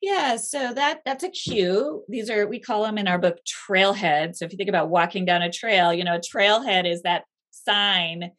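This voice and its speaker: A woman guest author in a faith-based conversation, explaining ideas thoughtfully with emphatic rises in pitch. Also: normal speed, hardly any pauses, fairly bright tone.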